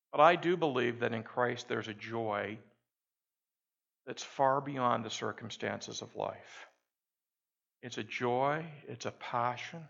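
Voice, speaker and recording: A male pastor delivers an emphatic sermon and calls his congregation to repeat after him. His voice is gravelly and sits at a middle pitch. The sound is dull and lo-fi. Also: a bit bright.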